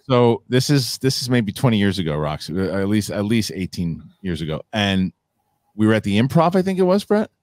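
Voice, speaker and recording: A man who hosts a podcast and does comedy, telling a relaxed, rambling story in casual chat. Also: on the low side, fairly quick, no room sound.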